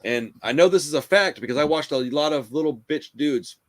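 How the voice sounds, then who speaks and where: A man hosts a loose, casual podcast chat. He tells his stories in a profane, animated way, and he leans on "bro" and "dude" constantly. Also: on the high side, a little fast. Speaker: podcast host.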